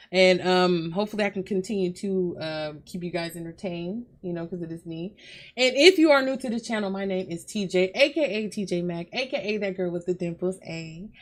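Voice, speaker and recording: A woman's voice: medium pitch, a bit bright. Chatty woman talking to her viewers. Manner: chatty, loose, addresses viewers as y'all, swears freely. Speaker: reaction video host. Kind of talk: casual chat to viewers. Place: hot bedroom at home.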